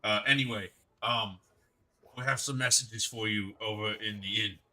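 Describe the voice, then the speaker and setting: Bright, eager lizardfolk messenger in a tabletop role-play, cheerful and fawning, voiced by a man. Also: lowish voice, steady tone, normal speed, rough recording.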